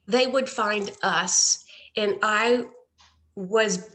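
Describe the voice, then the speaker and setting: A woman's voice: mid-range voice, very slow, fairly bright tone. A woman guest in an online interview, earnestly telling how her care-package effort grew, often quoting others. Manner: earnest, storytelling with quoted voices. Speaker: guest, nonprofit founder. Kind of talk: casual interview storytelling. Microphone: video call.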